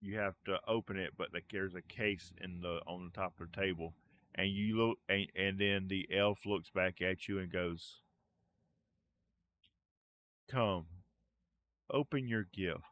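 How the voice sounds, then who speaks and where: A man's voice: deep voice, level tone, moderate pace, fairly bright tone. A man narrating a tabletop role-play game as game master, in a loose conversational way with fillers.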